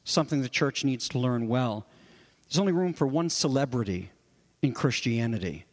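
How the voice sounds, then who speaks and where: A man preaching an expository sermon, his voice rising for emphasis and dropping low for quiet asides. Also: animated, moderate pace, big-room sound. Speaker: pastor.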